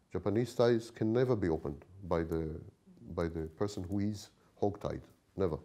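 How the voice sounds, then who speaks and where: A man with a lowish voice and a dark, mellow tone gives a long, lecturing answer in an interview. He pauses often and restarts his phrases as he builds his points. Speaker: interview guest.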